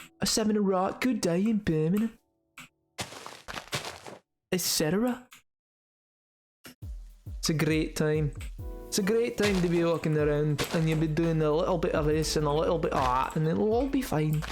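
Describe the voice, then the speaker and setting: A man's voice: a little high, moderate pace, long pauses, darkish tone, soft background music, close to an everyday voice. A man putting on a jolly mock-British bloke. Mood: cheerful. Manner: exaggerated chirpy put-on British slang.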